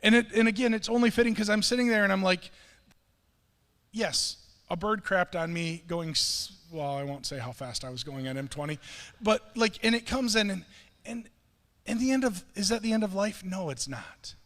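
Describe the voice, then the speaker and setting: A middle-aged man pastor telling a self-mocking story in a sermon, animated and quoting himself and others. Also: high-pitched, moderate pace. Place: church sanctuary. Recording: long reverb of a church hall.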